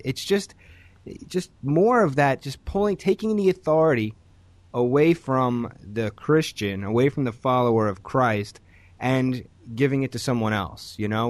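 A man's voice: mid-range voice, no echo. Rambling man, dry close sound. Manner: rambling, animated, many restarts. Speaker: podcast host. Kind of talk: casual podcast chat.

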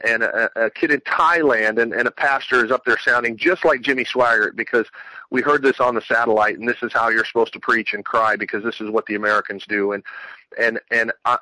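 A man's voice: medium pitch, bright, forceful tone, no echo, poor audio. A man earnestly telling a long personal religious testimony, rambling with many restarts. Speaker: Christian speaker sharing testimony.

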